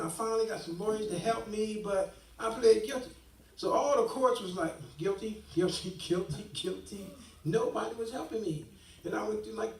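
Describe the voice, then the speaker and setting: A man in his sixties giving a church testimony, an animated storyteller who acts out the dialogue he quotes. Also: sits high, slight background noise. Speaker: guest speaker giving testimony. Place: church hall, live stream. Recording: echoey hall, distant mic.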